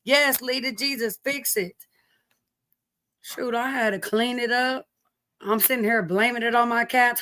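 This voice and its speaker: A woman's voice: a little high, steady tone, a little slow, pauses often, bright, forceful tone, no room sound. A middle-aged woman hosting a casual live stream from home, greeting viewers by name, sniffly from allergies and cursing lightly as she chats.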